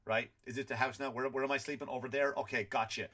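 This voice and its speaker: A man's voice: medium pitch, steady tone, fast, pushed and bright. A man voicing an easygoing adult male dog who talks in a casual, chatty, matter-of-fact way.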